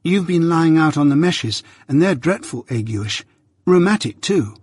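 A man's voice: a little high, animated, measured pace, a little mellow, breathy edge, dry recording, clean studio sound, pitched above the performer's own voice. A man voicing a timid, hesitant young boy.

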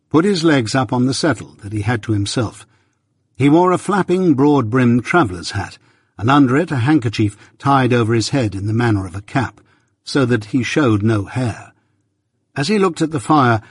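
Brief: male narrator, husky tone, dry close sound, measured literary reading. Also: mid-range voice, no echo. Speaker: audiobook narrator. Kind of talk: scripted narration.

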